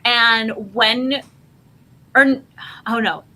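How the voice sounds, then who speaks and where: A woman's voice: on the high side, fairly even intonation, very slow, sharp tone. A woman guest telling a rambling personal story in casual podcast chat, full of fillers and self-corrections, acting out what people said. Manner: chatty, rambling, many fillers and self-corrections, acts out quotes. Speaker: guest, language program founder.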